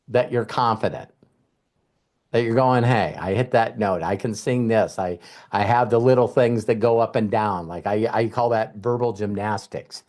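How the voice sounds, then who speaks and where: A man giving a casual motivational talk as a mentor, acting out quotes in lively storytelling with some swearing. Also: medium pitch. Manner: animated storyteller, acts out voices. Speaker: mentor and coach.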